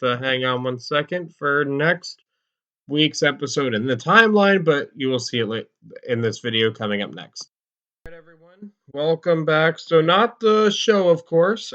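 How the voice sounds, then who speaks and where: A man's voice: mid-range voice, sharp tone, clear, resonant tone, dull audio. A man casually commenting on a wrestling management game, rambling with many fillers and self-corrections. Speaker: let's-play commentator.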